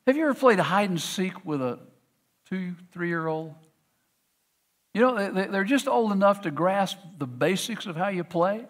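A man's voice: high-pitched, animated, normal speed, fairly bright tone. A middle-aged man preaching a sermon, earnest, often restarting with repeated words. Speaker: pastor.

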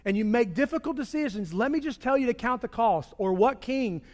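A man preaching a sermon, swinging between loud raised delivery and hushed low passages. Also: expressive, a little fast. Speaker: pastor. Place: church sanctuary. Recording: long reverb of a large hall.

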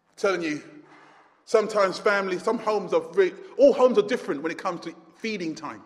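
A man preaching a sermon, impassioned, rising to near shouts and then dropping low. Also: brisk. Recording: hall reverb.

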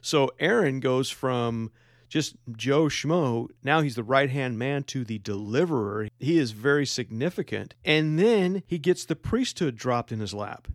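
A man's voice: medium pitch, animated, measured pace, dry recording, studio quality. A man hosting a devotional podcast, reading scripture and explaining it in a plain, conversational way. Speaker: podcast host and Bible teacher.

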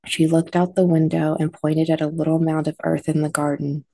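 Low, mellow woman narrating horror stories. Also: flat delivery, no room sound. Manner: measured, dramatic storytelling. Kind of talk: scripted horror story narration.

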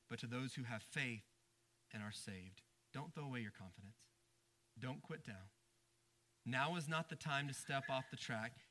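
A male pastor preaching a conversational sermon, repeating and restarting words and dropping to a low, quiet voice for emphasis. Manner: frequent stammered restarts.

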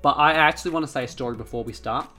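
A man's voice: mid-range voice, racing, bright, forceful tone, soft background music. An Australian man co-hosting a podcast, telling rambling stories in casual chat and swearing freely. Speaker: podcast co-host.

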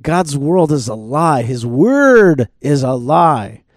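A man's voice: fairly high pitch, sing-song, slow pace, no echo, studio quality. A man voicing a devilish talking snake tempter who speaks in a scornful, insistent way.

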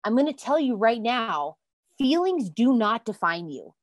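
A woman hosts a self-help podcast, giving an earnest, emphatic motivational talk, calling listeners "you guys" and bursting into excited exclamations. Her voice is a little high, her pace measured, and the recording dry.

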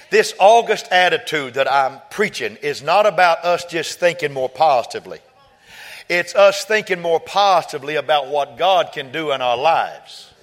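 A man preaching a sermon, quoting scripture and building from quiet talk to fervent shouting. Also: a little high.

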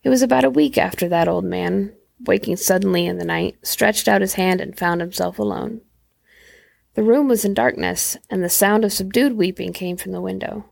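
Woman reading a spooky story, gravelly husky voice, dry close sound. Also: mid-range voice, normal speed, darkish tone, dry recording. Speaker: podcast host, storyteller. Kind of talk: reading a horror story aloud.

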